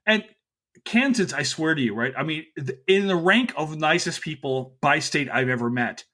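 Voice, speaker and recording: A man from Kentucky hosting a history podcast, talking in a joking, animated way with quick asides. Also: a little high. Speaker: podcast host, history teacher. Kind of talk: casual podcast chat.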